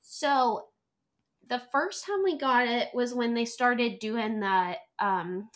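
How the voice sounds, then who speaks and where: A woman chatting as a guest, an animated storyteller who acts out quotes. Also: a little high, takes it slowly. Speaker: podcast guest, travel planner. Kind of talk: casual chat.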